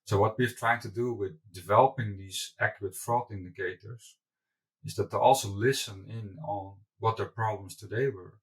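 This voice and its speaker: A man's voice: on the low side, fairly even intonation, normal speed, fairly bright tone, recorded from a distance, low-quality recording. A man, a company founder being interviewed, answering candidly with loose asides and restarts. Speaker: company founder and CEO, guest.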